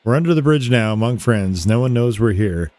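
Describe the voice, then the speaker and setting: A steady, caring friend, read out by a man as game dialogue. The delivery is plain and calm at an ordinary pitch, and the sound is close and dry with no room around it. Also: brisk, no room sound, close to an everyday voice. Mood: reassuring. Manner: reads the lines in a plain, calm voice. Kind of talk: reading game dialogue aloud.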